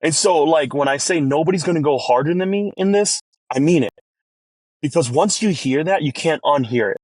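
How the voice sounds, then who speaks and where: A chef talking as a podcast guest, telling an emotional family story earnestly, with many restarts. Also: male voice, fairly quick, a little mellow, no room sound. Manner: earnest, many restarts, rises in pitch when moved.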